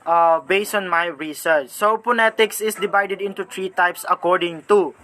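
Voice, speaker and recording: High, bright-voiced Filipino young man. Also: a little hiss or hum. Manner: halting, searching for words, switching mid-sentence between languages. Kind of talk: informal classroom explanation.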